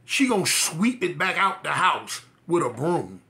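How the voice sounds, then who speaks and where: A man's voice: a little high, measured pace, creaky. A man from Los Angeles telling a funny story about himself, acting out the voices with exaggerated energy. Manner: animated, acts out voices, exaggerated. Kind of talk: comic storytelling.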